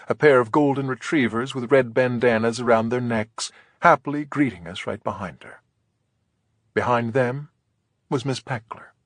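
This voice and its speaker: A man narrating an audiobook in a soft, whispered storytelling way, gentle and unhurried, close to the mic. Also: mid-range voice, dry recording.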